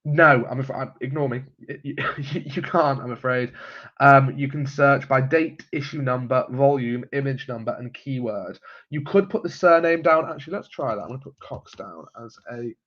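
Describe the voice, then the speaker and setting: A man of medium pitch talks at a moderate pace while hosting a genealogy livestream. He responds casually to viewer comments, frequently chuckling and saying um, in slightly muffled lo-fi sound.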